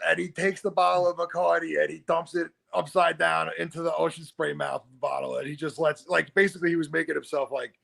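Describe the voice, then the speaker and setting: A man in his thirties telling backstage wrestling stories in a casual, animated way, acting out the voices of the people he quotes. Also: on the high side, a little fast, creaky, hardly any pauses. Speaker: guest wrestler. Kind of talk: casual storytelling.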